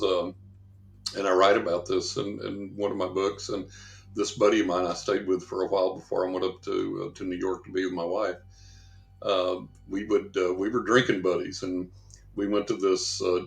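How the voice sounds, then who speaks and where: Deep-voiced man telling stories, roomy sound. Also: gravelly. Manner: rambling anecdotal, acts out quoted voices. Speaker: guest, psychic and paranormal investigator. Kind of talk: storytelling in a podcast interview.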